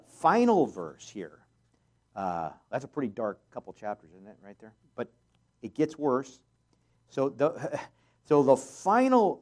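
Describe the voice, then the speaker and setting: A man in the middle of a sermon, working verse by verse through scripture. His voice sits at an ordinary middle pitch, and he swells loudly on the readings before dropping back to a relaxed teaching tone with plenty of "uh"s. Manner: reads scripture aloud with rising force, jokes lightly, many fillers. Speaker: pastor.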